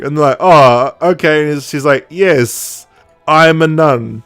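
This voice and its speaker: Soft music plays behind a podcast host whose male voice sits fairly high and keeps a measured pace. He recounts a story in easygoing chat, acting out what people said with plenty of laughter.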